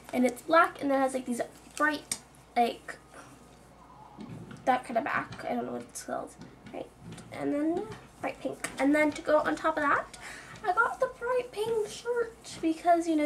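A woman's voice: high voice, background noise. A young woman chatting casually in a clothing haul video, full of "like" and self-mocking asides. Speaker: vlogger.

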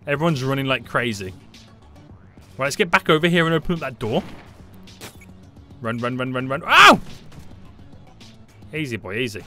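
A man giving live gameplay commentary, panicky and excitable, often repeating short phrases. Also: mid-range voice. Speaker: gaming YouTuber.

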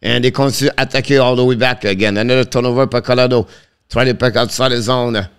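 Excitable man calling hockey. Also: clear, resonant tone. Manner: rapid clipped calls, pitch jumping sharply on shots. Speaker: hockey play-by-play commentator. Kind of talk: live stream play-by-play commentary.

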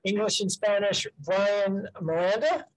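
Reading names aloud one at a time at a school board meeting, the presenter hesitates, trips up and self-corrects out of care for pronunciation. The voice is mid-range with fairly even intonation, and there is background noise.

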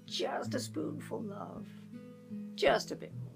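An actress playing a worn-out sister gently coaxing her brother who has dementia, slow and soothing. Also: medium pitch, animated, vocal fry, music in the background, heavily acted. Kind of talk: stage drama acting.

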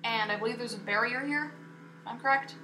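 A young woman giving casual, excitable gameplay commentary as a YouTuber, chatty and self-mocking. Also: a little high, brisk. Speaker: gaming YouTuber. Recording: echoey room with faint noise.

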